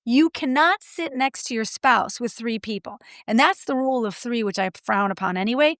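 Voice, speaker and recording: Blunt, animated woman coach, higher voice. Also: moderate pace, dry recording, studio quality. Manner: lively, acts out clients' voices, blunt. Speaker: guest, marriage coach. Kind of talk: animated storytelling interview.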